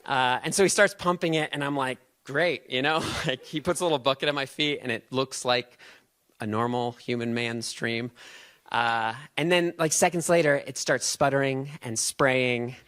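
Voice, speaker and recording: A man tells a personal story to a live audience on stage. He keeps it chatty and self-mocking, often laughing at his own tale, in a voice of middling pitch. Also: normal speed, a bit bright, clean tone. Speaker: storyteller and event host.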